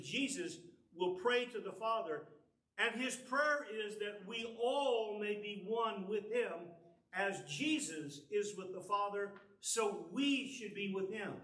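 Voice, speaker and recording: Male preacher, earnest sermon, high bright voice, miked from afar in a roomy church. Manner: earnest, explanatory, reads scripture aloud. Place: church sanctuary. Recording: echoey church from far off.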